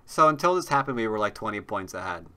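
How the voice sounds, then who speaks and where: Bright-voiced man muttering through a game. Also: lowish voice, very animated, quick pace, clear, resonant tone. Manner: chatty, muttering to himself, humming. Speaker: game commentator. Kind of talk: casual live commentary while playing.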